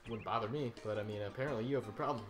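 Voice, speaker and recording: A man's voice: fairly low pitch, racing, music in the background. A young man watching a friend play a game, teasing him and laughing a lot in casual commentary.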